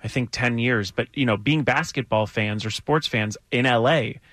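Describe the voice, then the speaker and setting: Male radio co-host, bright forceful tone, dry close studio mic, earnest, halting. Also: mid-range voice, dry recording. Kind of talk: casual radio banter.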